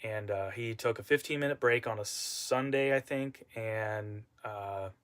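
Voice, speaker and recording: A man's voice: lowish voice, a little slow, fairly bright tone. A man talking casually in a vlog, rambling and venting about a former boss with many fillers and asides. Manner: frequent fillers and trailing asides. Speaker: vlogger and musician.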